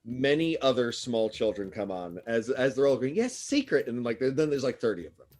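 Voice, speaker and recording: A man's voice: medium pitch, a little fast, a little mellow. A man narrating as game master, chatty and playful.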